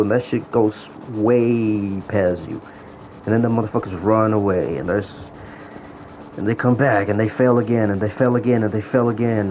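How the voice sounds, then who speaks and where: A man ranting in a casual, profane storytelling way about old times in an online game. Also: on the low side. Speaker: gaming vlogger. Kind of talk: casual rant. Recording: dull lo-fi audio with faint noise.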